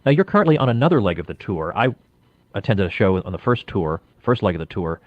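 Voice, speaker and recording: A fairly low-voiced man talks quickly through his interview questions, leading in with little personal stories. The audio is dull and dry. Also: sing-song, dry recording. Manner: chatty, personal anecdotes before questions. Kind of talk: radio-style interview questions.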